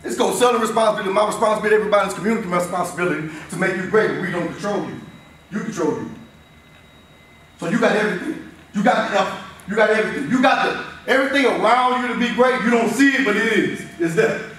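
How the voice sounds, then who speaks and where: Emphatic fifty-something man in echoing locker room. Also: quick pace. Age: 50s. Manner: emphatic and repetitive, swings between shouting and low intensity. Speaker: motivational speaker. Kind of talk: motivational locker-room talk. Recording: very echoey room, voice far off, faint noise.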